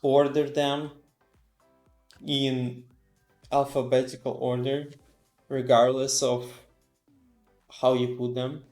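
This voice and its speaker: A man's voice: mid-range voice, level tone, takes it slowly, pauses often, a little mellow, reverberant, faint music behind. A sleepy man live-streaming, thinking aloud with lots of fillers as he reads documentation and reacts. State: sleepy, yawning. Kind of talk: casual live-coding stream.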